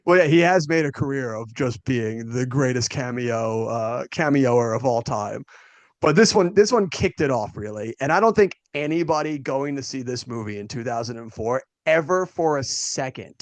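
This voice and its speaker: A young man co-hosting a casual movie podcast, chatting eagerly and breaking into laughter as he recalls jokes. His voice sits at an everyday middle pitch, close to the mic in a dry, dead-sounding space. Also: moderate pace, hardly any pauses, dry recording. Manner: enthusiastic, laughs while retelling jokes. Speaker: podcast co-host. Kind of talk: casual movie review chat.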